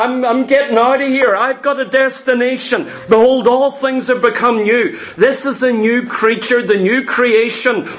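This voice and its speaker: A man delivers a sermon in a notably high-pitched voice, leaning on storytelling and acting out the voices of the people he quotes. His speech is full of stammered restarts and repeated words as he presses his points. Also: a bit bright. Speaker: preacher.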